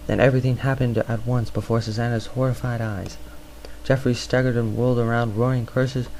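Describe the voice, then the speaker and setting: A man reads a novel aloud, often tripping over words and starting them again. His voice sits at mid pitch with plain, unpolished narration. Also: little pitch movement, a little fast, darkish tone, a little hiss or hum, low-quality recording. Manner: stumbling, restarts words. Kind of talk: amateur audiobook reading.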